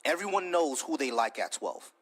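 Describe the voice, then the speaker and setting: A man hosting a live online debate, cutting in, repeating words in quick bursts and swearing freely. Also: on the high side, very animated, a bit bright, husky. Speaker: debate stream host.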